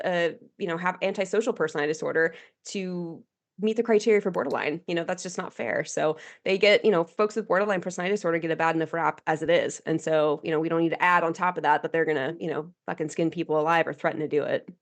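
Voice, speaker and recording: Brief: female therapist guest, low-pitched, candid, casual podcast talk. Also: fairly even intonation, fast talker. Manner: candid, many fillers like um and you know. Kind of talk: casual chat.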